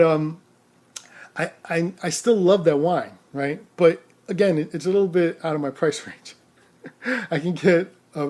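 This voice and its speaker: A man's voice: fairly high pitch, darkish tone. A man who drives for rideshare, telling a rambling, self-mocking story to camera with frequent laughs and repeated words.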